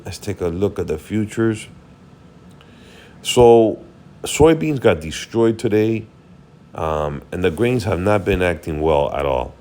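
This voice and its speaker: A man's voice: sits low, expressive, takes it slowly, long pauses, a little mellow. A tired man rambling casually through a market recap, thinking aloud while he checks charts. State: tired, yawning. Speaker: market commentary host.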